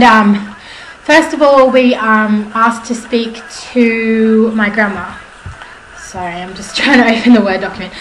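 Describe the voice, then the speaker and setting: Chatty young woman in an echoey room. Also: a little high. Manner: chatty and rambling, many fillers and self-corrections. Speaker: vlogger. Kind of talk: casual storytelling to camera. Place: at home indoors. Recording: echoey room with faint background noise.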